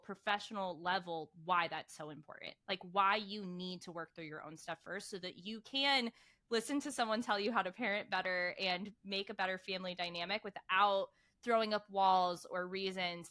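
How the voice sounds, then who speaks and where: A woman's voice: medium pitch, moderate pace, sharp tone. A woman podcast host who reacts with enthusiasm and asks the guest to expand on a point. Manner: enthusiastic, affirming. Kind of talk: interview hosting.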